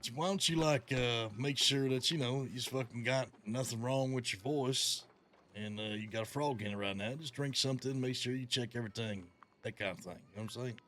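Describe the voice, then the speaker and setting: A man plays a commanding western outlaw boss in role-play. He talks in a folksy, cursing drawl at a middle pitch. A faint hum sits under the headset recording. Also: fairly quick, a bit bright. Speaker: gang leader in role-play.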